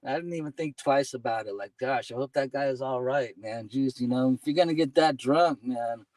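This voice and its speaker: A man's voice: mid-range voice, normal speed, darkish tone, no room sound, distant mic, low-quality recording. Laughing man telling road stories. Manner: laughs often, fills with "you know" and "man". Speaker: guest, delivery driver. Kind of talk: casual storytelling.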